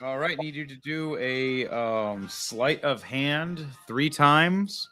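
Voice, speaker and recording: Man, game master, tabletop game narration, dramatic, sudden outbursts, bright tone. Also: medium pitch, expressive, slow pace, soft background music.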